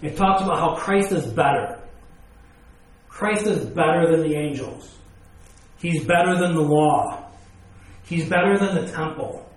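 Male preacher, slightly high voice, emphatic and repetitive delivery, roomy echo. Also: a little slow, long pauses. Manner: emphatic, repeats key words, stresses points with questions. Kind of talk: sermon. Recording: echoey room.

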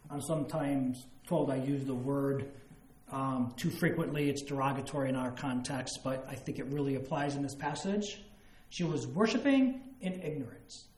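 A man's voice: on the high side, a little mellow, roomy sound. A man preaching a sermon, explaining scripture with emphatic asides and acted-out quotes. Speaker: pastor.

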